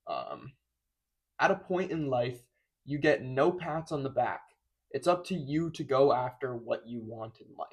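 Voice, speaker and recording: A man talks to his viewers in a loose, offhand way, often stopping to correct himself or start over. His voice sits at an ordinary middle pitch and is picked up close to the mic. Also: gravelly, breathy edge. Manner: rambling, self-interrupting, offhand. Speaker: vlogger. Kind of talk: casual chat to camera. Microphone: close microphone.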